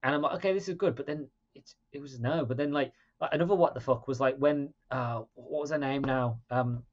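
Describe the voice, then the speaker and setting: A man co-hosting a podcast in casual chat, retelling scenes with lively acted-out quotes. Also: mid-range voice, brisk, lo-fi sound. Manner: animated, acts out scenes in quoted voices. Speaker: podcast co-host.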